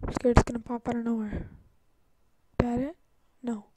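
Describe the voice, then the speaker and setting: A young woman talks her way through a video game, jumpy and easily startled, rambling to herself about what she sees. Her voice sits a little high for a woman. She comes from Canada. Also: little pitch movement, normal speed, very noisy. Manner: jittery, easily startled, rambling self-talk. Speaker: gaming YouTuber. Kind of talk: Minecraft let's-play commentary.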